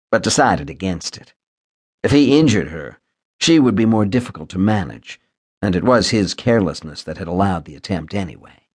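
A man reading a thriller audiobook in a steady, measured storytelling manner. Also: deep voice. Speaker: audiobook narrator. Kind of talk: scripted thriller narration.

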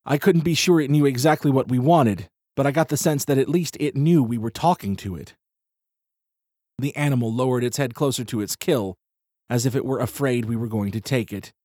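A man reading a first-person story aloud in a measured, wry way. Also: mid-range voice, warm tone, no room sound, studio quality. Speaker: audiobook narrator. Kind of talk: first-person audiobook narration.

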